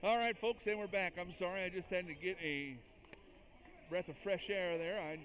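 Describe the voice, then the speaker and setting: Small-town man calling a school basketball game, high voice, chatty and excitable, noisy gym sound. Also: normal speed. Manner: excitable, chatty, jokes with the listeners. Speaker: play-by-play announcer. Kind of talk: amateur basketball commentary.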